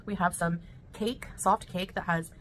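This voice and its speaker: Woman food vlogger, relaxed and chatty, takes her time between bites. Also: on the low side, a little hiss or hum. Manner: chatty and relaxed, pauses to taste between remarks. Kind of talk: casual eating vlog, explaining dishes.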